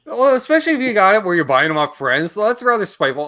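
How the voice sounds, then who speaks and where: A man's voice: sits high, big pitch swings, quick pace, bright, forceful tone. A middle-aged Canadian man co-hosting a live guitar stream, chatting casually and reading out viewer names.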